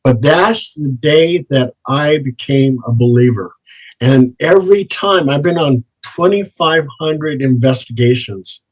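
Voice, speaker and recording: A man who investigates the paranormal, telling ghost stories slowly and dramatically as an interview guest. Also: medium pitch, poor audio. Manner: slow, dramatic storytelling with drawn-out words. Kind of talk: storytelling in an interview.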